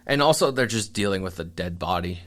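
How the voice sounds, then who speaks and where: A man with a somewhat low voice talks casually about a movie as a podcast host. His manner is easygoing and chatty, full of quick asides and agreement. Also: animated, fairly bright tone.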